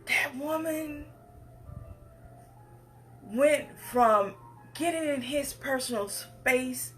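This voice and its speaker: A woman's voice: high voice, fairly bright tone. A woman, giving an impassioned speech with emphatic, repetitive phrasing. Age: 50s. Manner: emphatic, repetitive, preacher-like cadence. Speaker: speaker addressing the public.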